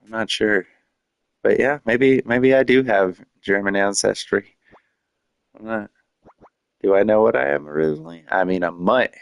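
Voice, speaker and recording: A man's voice: fairly low pitch, normal speed, gravelly, long pauses, no room sound. A man chatting casually on a live stream, rambling with many fillers and frequent laughs.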